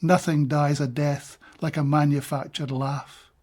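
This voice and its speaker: A man's voice: on the high side, little pitch movement, a little mellow. Scottish man reading poetry aloud. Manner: measured, deliberate reading with brief plain-spoken asides. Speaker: poet reading his own translations.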